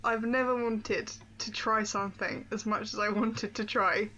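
A woman's voice: mid-range voice, fairly even intonation, unhurried, bright, forceful tone, highs cut off. A woman co-hosting a podcast, chatting casually about a film in a teasing, giggly way. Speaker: podcast co-host. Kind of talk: casual film review chat.

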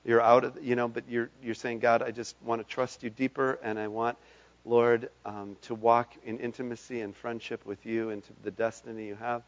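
A man leading a congregation in a fervent altar call and closing blessing, his voice rising to loud impassioned calls. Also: medium pitch, flat delivery, normal speed. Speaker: pastor. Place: church sanctuary. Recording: dull lo-fi church recording.

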